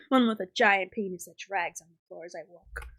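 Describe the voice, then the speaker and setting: A woman's voice: mid-range voice, big pitch swings, moderate pace, fairly bright tone. A young adult woman streaming live, rambling in crude, giggly banter with her chat. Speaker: livestreamer.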